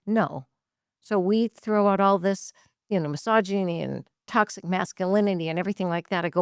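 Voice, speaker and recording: A woman therapist from Massachusetts, a guest on a podcast, who talks in an animated, laughing way and tells stories with enthusiasm. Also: mid-range voice, a little fast, clean tone, dry recording, clean studio sound. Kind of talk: casual podcast interview.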